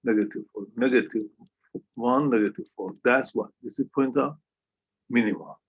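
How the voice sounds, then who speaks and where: Man tutoring calculus, husky voice. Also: mid-range voice, normal speed, highs cut off. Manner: repeats "yeah?" to check understanding. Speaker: math tutor. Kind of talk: online calculus lesson. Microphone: video call.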